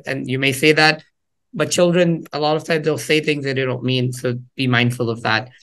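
A parenting workshop speaker with a mid-range, fairly bright voice and fairly even intonation talks at normal speed about listening to children. His manner is conversational, and he acts out little parent-and-child exchanges along the way.

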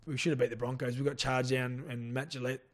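A man's voice: medium pitch, little pitch movement, fast talker. A young Australian man, a rugby league player, chatting casually in an interview, rambling with restarts and swearing freely. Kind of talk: casual chat.

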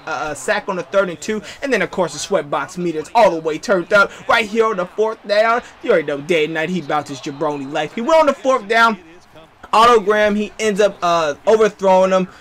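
A young man from the West Coast giving casual, animated commentary over a football video game, full of slang and trash talk aimed at opponents. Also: high-pitched. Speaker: gaming commentator.

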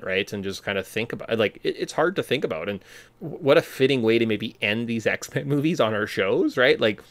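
Podcast co-host, male, fairly low voice, animated and emphatic, dry close mic. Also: no room sound. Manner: animated, emphatic, quick bursts of enthusiasm. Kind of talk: casual movie discussion.

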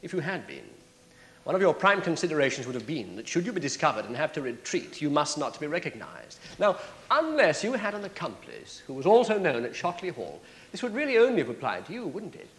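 An actor playing a sharp, sardonic prosecutor cross-examining a witness in a courtroom drama. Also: male voice, fairly high pitch, wildly swooping pitch, brisk, heavily acted. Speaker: prosecuting barrister.

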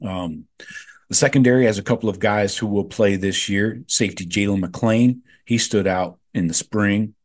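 A man's voice: on the low side, moderate pace. A man hosting a sports podcast, chatting casually with lots of fillers and frank opinions. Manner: offhand, filler-heavy, gives frank opinions.

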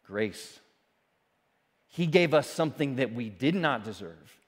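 Male pastor, middle-pitched, lively preaching, long hall reverb. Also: slow. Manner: animated preaching with rising emphasis and asides. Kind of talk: sermon. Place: church sanctuary. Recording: church sanctuary with long reverb.

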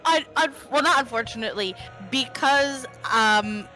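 Bright-voiced chatty woman streamer. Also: sits high, unhurried, soft background music, low-quality recording. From half Quebecois family. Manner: chatty, trailing restarts. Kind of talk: casual chat.

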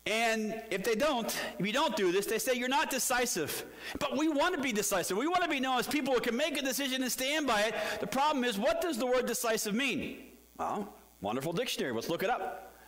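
A man's voice: extremely high pitch, very animated, brisk, fairly bright tone. A man preaching a sermon as pastor, telling a story with animation and putting questions to the congregation.

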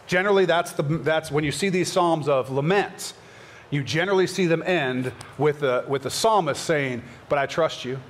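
A man pastor answering questions from his congregation in an earnest, conversational way. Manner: earnest, conversational, acts out short prayers in a higher voice. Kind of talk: church Q&A session.

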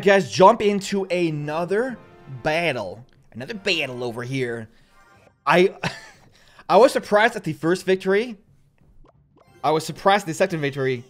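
Excitable young man doing game commentary. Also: sits high. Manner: excitable, jumps to loud outbursts. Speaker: gaming channel host. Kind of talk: gameplay commentary.

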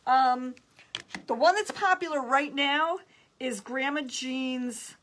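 Craft-stream host: a chatty, upbeat woman, voice pitched a bit high. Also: slow pace, a bit bright, a little hiss or hum. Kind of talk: live craft demo, reading viewer comments.

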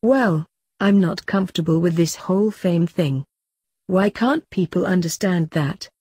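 A woman reading the lines of a kind, weary young witch girl, gentle and a bit glum. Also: on the low side, unhurried, slightly rough, no echo, studio quality.

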